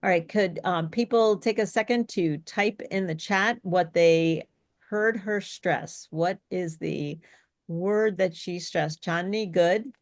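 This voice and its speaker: A woman's voice: fairly low pitch, slow, no room sound, studio quality. A woman speech coach leading an online workshop, chatty and friendly, with frequent ums. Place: online video session.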